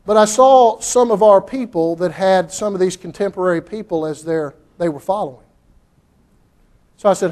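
A middle-aged man preaching in a church, his voice pitched high for a man. He talks in a folksy, rambling way, circling back on his phrases, then breaks into fervent, heated bursts. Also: normal speed, dark tone. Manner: folksy, repetitive, rising to fervent outbursts. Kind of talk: sermon.

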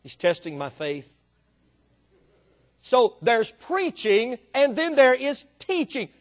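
A man preaching a sermon, emphatic, swinging from quiet explanation to loud drawn-out emphasis. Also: extremely high pitch, sing-song. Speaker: pastor.

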